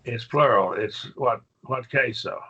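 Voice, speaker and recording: A man's voice: mid-range voice, unhurried, pushed and bright, muffled recording. A man teaching a Greek grammar class, patiently quizzing his students with questions. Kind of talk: classroom lesson.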